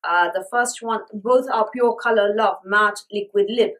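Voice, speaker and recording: A woman's voice: mid-range voice, unhurried, a bit bright, low-quality recording. A woman beauty vlogger with a sore throat, talking around a lozenge in a chatty, enthusiastic product review. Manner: chatty, enthusiastic, repeats words for emphasis.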